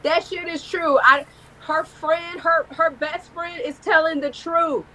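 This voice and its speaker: Profane, animated woman telling a story. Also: very high voice, measured pace, rough recording. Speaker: guest. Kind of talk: casual live-stream interview.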